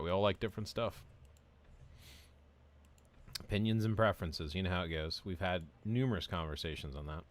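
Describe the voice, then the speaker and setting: A man's voice: sits low, normal speed, long pauses. A man streaming a mobile game, chatting casually and rambling as he answers viewers' comments. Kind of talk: casual live-stream chat while playing.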